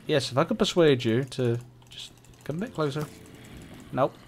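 A man's voice: medium pitch, lively intonation, normal speed, slight background noise. A man giving casual let's-play commentary, playfully chatting to in-game monsters, giggling and letting out yelps. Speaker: gameplay commentator.

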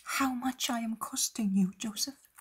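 A woman voicing a gentle sorrowful young mother, husky and soft, storybook reading. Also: mid-range voice, steady tone, slow. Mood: tearful.

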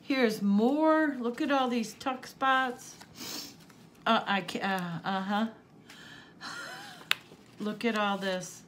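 A woman's voice: a little high, takes it slowly, long pauses, slight background noise. An older woman hosting a craft channel, gushing and tearful as she opens a gift, gasping and laughing often. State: tearful, sniffling. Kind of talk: casual unboxing chat.

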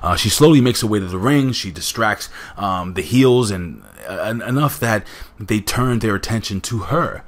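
Low-voiced male reviewer, loose and chatty, filler-heavy recap with frequent viewer asides. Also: moderate pace. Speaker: wrestling show reviewer. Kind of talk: casual spoken recap.

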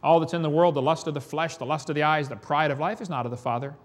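A man's voice: fairly high pitch, fast talker. A man preaching a sermon, telling folksy stories with chuckles.

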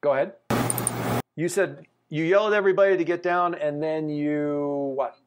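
Male game master, slightly high pitch, animated and rambling, noisy room. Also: moderate pace, lo-fi sound. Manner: animated, laughing, thinking aloud with fillers. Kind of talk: narrating a tabletop game.

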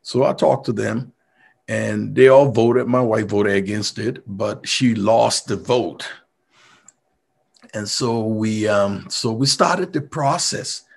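A man's voice: fairly low pitch, slow pace, gravelly, breathy edge. A middle-aged man from Liberia with a Liberian accent gives an earnest, motivational storytelling talk. He sometimes repeats words to press a point. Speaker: mayor giving a talk.

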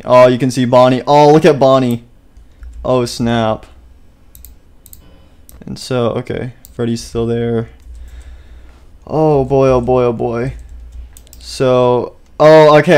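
A man's voice: medium pitch, a little mellow, smooth. Chatty young man gaming. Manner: chatty, talks to himself, easily startled. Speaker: gaming YouTuber. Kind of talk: casual let's-play commentary.

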